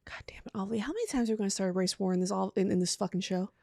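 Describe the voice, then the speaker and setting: A young woman co-hosting a podcast in casual chat, telling stories in an animated, profane way and acting out the dialogue. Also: mid-range voice, very fast, creaky, no room sound, studio quality. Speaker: podcast co-host.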